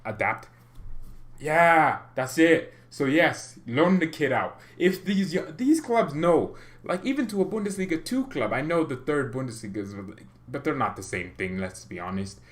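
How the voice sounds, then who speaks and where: A man hosting a football fan livestream, talking in a rambling, excitable way with lots of restarts. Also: on the high side, moderate pace. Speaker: fan channel host.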